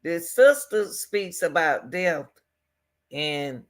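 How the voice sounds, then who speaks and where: Slow, emphatic woman commentator. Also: on the low side, sing-song. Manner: emphatic, repeats phrases, talks straight to viewers. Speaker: commentary channel host. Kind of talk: casual commentary on a news case.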